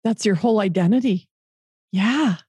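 A woman's voice: mid-range voice, moderate pace, a little mellow, husky, no echo. A woman hosting an interview podcast, chatty and emphatic, affirming her guest. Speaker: podcast host. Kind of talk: casual interview chat.

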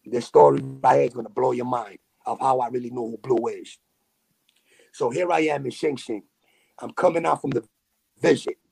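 A man with a New York accent telling a story in a casual, animated way, full of slang and fillers. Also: mid-range voice, gravelly, husky. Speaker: podcast guest.

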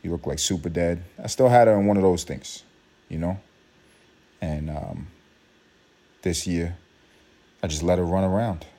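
Deep-voiced guy rambling on his podcast, swears a lot, jumps up into high jokey bits. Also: a little slow, pauses often, dark tone. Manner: profane, rambling, jumps into high mocking outbursts. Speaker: podcast host. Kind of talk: casual solo monologue.

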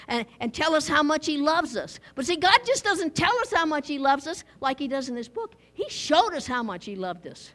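A middle-aged woman preaching a conversational sermon in a church, lively and folksy, asking the congregation questions. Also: high-pitched.

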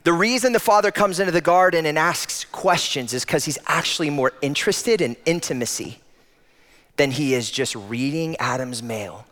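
A man's voice: fairly high pitch, lively intonation, moderate pace. Impassioned male preacher. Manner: impassioned, rising to loud emphatic peaks, then dropping soft and intimate. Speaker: pastor. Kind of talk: sermon. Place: church auditorium.

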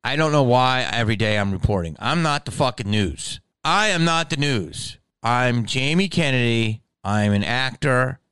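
Profane, riffing comedian with a smooth voice. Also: male voice, medium pitch, expressive, normal speed, hardly any pauses, fairly bright tone, no echo. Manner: slips in impressions. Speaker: comedian and podcast host. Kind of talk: comedic podcast monologue.

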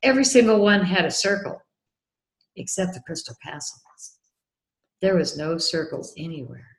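A woman guest telling an animated personal story in an interview, acting out the voices of people in it. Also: on the low side, moderate pace. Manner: excitable, acts out remembered dialogue. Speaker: guest, documentary filmmaker. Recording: roomy echo.

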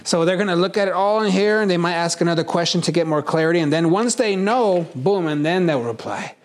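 A man teaching a casual workshop on personality types, talking in a conversational, animated way and acting out examples. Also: high voice, a little fast.

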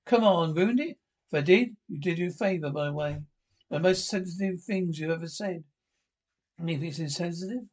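A man with a notably high-pitched voice argues in quick sitcom exchanges. He sounds exasperated, pushing back line after line. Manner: bickering, exasperated back-and-forth. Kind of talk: sitcom dialogue from a TV show.

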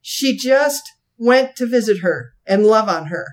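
A woman telling a long funny story from her church life in a folksy way, often laughing as she talks and jumping into high voices when she quotes people. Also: lively intonation, measured pace. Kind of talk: animated storytelling chat.

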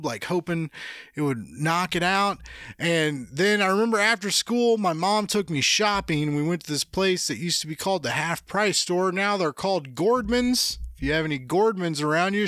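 A man's voice: sits high, fairly bright tone, no echo, clean studio sound. A young man hosting his own podcast, chatting casually and rambling through stories and listener questions, swearing freely. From Kansas City area, US. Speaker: podcast host. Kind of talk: casual solo podcast chat.

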